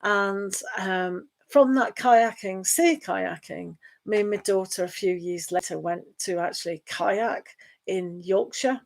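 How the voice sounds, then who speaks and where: A woman's voice: medium pitch, takes it slowly, gravelly. A middle-aged woman, chatting casually and rambling as she reads tarot on a live stream. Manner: chatty and rambling, with frequent laughs. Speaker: tarot reader.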